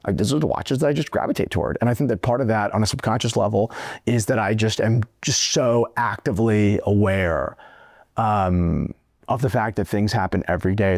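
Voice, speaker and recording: A man's voice: lowish voice, vocal fry, darkish tone, no echo, clean studio sound. A man talking casually to camera in a rambling, profane way, with many restarts. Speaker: watch vlogger.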